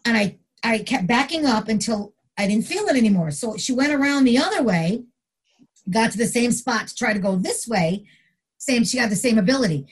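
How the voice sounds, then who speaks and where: A woman's voice: a little fast, husky. A middle-aged woman, a retired corrections officer, telling a story casually in an interview and acting out the quotes. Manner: animated storyteller, acts out quotes with big pitch jumps.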